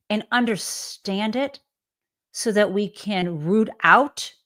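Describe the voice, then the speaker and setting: A woman's voice: mid-range voice, fairly bright tone. A woman hosting a live commentary show, talking with emphatic indignation and frequent fillers. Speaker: host.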